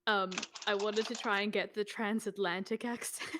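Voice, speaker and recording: A woman's voice: medium pitch, flat delivery, moderate pace, fairly bright tone. A woman chatting casually on a video call, bubbly and giggly. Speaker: stream co-host.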